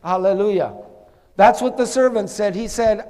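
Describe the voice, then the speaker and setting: In a church sanctuary with big-room sound, a man preaches a sermon as pastor in a high-pitched, dark-toned voice that runs a little fast. He is emphatic and calls on the congregation to answer back.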